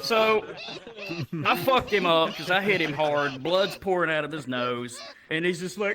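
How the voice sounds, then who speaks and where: A man's voice: fairly high pitch, measured pace. A man doing stand-up comedy on a club stage, telling a profane story and acting out the people in it. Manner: profane, animated, acts out characters. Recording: loud crowd noise. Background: audience laughter.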